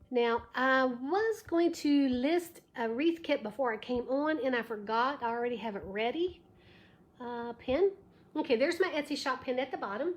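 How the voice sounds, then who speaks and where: A woman hosting a live craft tutorial, chatty and bubbly, greeting viewers by name and counting aloud as she works. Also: high-pitched. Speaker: craft livestream host. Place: her craft shop. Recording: echoey room with background noise.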